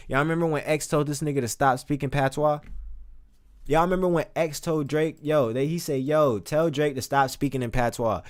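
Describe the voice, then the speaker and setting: A man streaming casual, animated, profane commentary, reading lyrics aloud between remarks. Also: a little high, normal speed.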